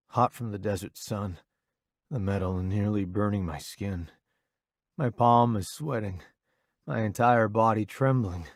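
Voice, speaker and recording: A man narrating a first-person audiobook in a slow, dramatic way. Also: medium pitch, dry recording, clean studio sound.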